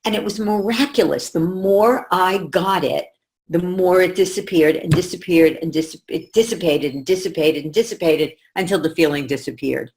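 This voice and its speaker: Low, gravelly-voiced woman coach. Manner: calm, measured, explanatory. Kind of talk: teaching talk to camera.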